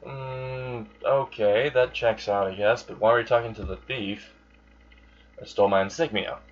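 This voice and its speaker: Earnest shy young girl, guy reading her lines pretty flat, dull lo-fi mic. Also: medium pitch, normal speed, natural voice. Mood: puzzled. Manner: polite and hesitant. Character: polite, earnest young woman. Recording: dull lo-fi sound.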